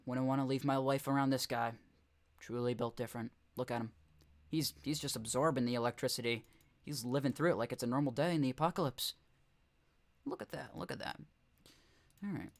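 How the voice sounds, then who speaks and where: A man's voice: mid-range voice, fairly quick, pauses often. A young man casually commenting on game footage during a live stream, rambling and correcting himself with chuckling asides.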